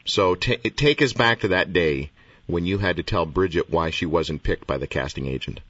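Male interview host, very deep voice, encouraging and animated, somewhat off-mic. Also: normal speed, slightly rough, no room sound, recorded from a distance, highs cut off. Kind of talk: conversational interview.

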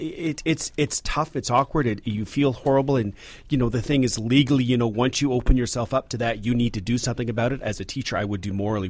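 A man who is a teacher, talking in a casual discussion in a hesitant, halting way. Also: medium pitch, no room sound. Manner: hesitant, halting, many restarts. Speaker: teacher, co-host.

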